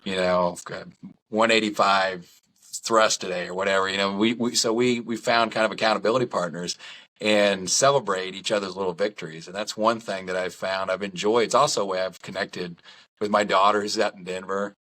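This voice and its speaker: A middle-aged man guests on a podcast, sharing stories in casual conversation with a fairly low, fairly quick voice. He comes across as lively, candid and self-deprecating.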